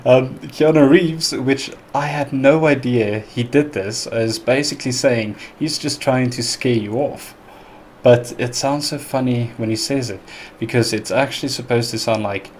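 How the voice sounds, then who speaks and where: A man's voice: mid-range voice, steady tone, normal speed, darkish tone, slight background noise. A man from South Africa with a South African accent, casually reacting to and translating clips with a chatty, hesitant manner. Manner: chatty, hesitant, laughs easily. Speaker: reaction video host.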